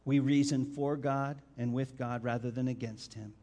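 A male pastor preaching a sermon and reading scripture, asking his listeners direct questions and stressing key words by swinging his loudness. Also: medium pitch, fairly even intonation, moderate pace. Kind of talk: expository sermon with Bible reading.

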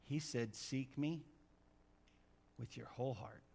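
A man preaching a sermon, telling stories with dramatic swings from hushed to loud. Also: medium pitch, slow, vocal fry. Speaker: pastor.

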